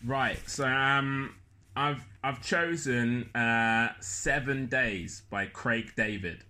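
A man's voice: medium pitch, extremely slow, pushed and bright, a little hiss or hum. A man chatting as a comedy podcast guest, rambling and self-deprecating, with lots of fillers. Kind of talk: casual comedic chat.

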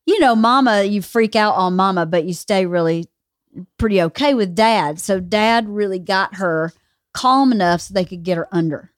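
A woman's voice: mid-range voice, normal speed, dry recording, clean studio sound. A woman guesting on a podcast, telling a story in casual chat in a blunt, teasing way. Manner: blunt, teasing, interrupts to correct. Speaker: podcast guest, host's wife.

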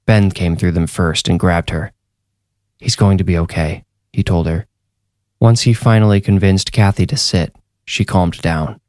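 A man narrating a horror story in a measured, deliberate scripted read. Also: low-pitched, darkish tone, dry recording, studio quality.

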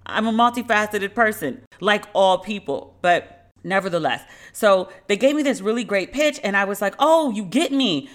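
A woman's voice: medium pitch, expressive, moderate pace. Sardonic woman telling a story. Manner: sardonic storytelling with mocking quoted voices. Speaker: podcast host. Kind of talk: solo commentary.

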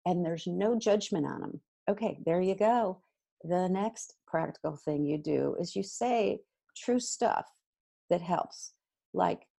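A middle-aged woman, a guest expert, giving parenting advice in an energetic, emphatic conversational way. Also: fairly low pitch, gravelly, slightly rough. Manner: energetic, emphatic, quick bursts of repetition.

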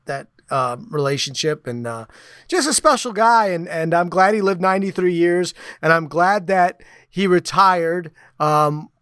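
A man from New York co-hosting a sports podcast, speaking haltingly with many fillers. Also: sits high, clean tone, dry recording, studio quality. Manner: halting, many fillers, softens at ends of thoughts. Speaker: podcast co-host. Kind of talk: casual podcast chat.

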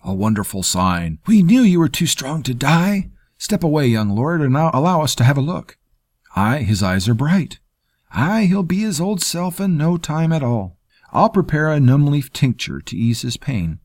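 Man voicing court physicians, rapid babble, high, loud. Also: very animated, no echo, clean studio sound, full character voice. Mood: fussing. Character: anxious male court physicians, fussing.

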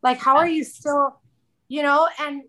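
High bright-voiced chatty woman. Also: fairly even intonation, a little slow. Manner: chatty, candid, peppered with "like", quoting herself. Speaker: podcast guest. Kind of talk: casual chat.

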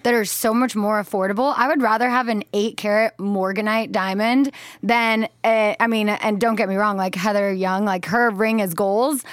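A woman hosting a podcast, chatting easily at a middle pitch. Her voice is dry and close, with no room echo. She calls her guests honey. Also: steady tone, normal speed, clean tone. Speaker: podcast host. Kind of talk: casual chat.

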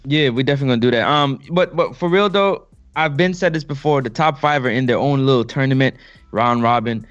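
A man's voice: mid-range voice, fairly quick, dull audio, faint music behind. A man co-hosting a casual boxing talk show, stating blunt, confident opinions. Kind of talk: casual chat.

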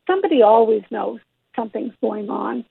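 A woman's voice: on the high side, expressive, fairly quick, gravelly, slightly rough. A woman executive of a social services agency speaking as a guest on a radio show, earnest and emphatic. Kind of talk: radio phone interview. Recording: tinny phone line.

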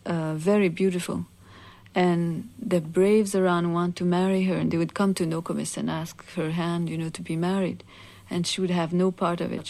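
A woman telling a traditional legend aloud in an unhurried, conversational way, often adding "you see" asides. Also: fairly low pitch, gravelly, mellow. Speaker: storyteller.

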